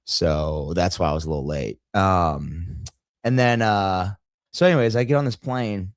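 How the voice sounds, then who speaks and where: A man's voice: low-pitched, unhurried, no room sound, studio quality. A man hosting a podcast, telling crude stories in casual chat and laughing at his own jokes. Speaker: podcast host.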